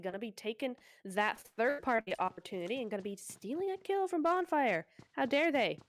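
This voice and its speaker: A woman casting a mobile shooter tournament live, chatty and quick to exclaim at the action. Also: on the high side. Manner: excitable, chatty, exclaims often. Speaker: esports caster. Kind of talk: live play-by-play commentary.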